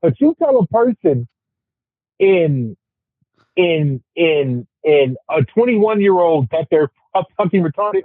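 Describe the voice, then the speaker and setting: A man on a casual podcast discussion, ranting in an animated, profane way. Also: fairly high pitch, slow pace, dry recording. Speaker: podcast panelist. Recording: tinny phone-like, dry sound.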